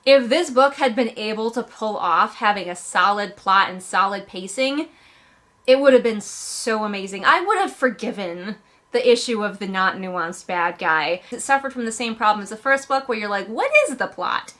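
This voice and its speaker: A woman casually reviewing a book she has read, talking in an animated way and jumping up in pitch for emphasis. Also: normal speed.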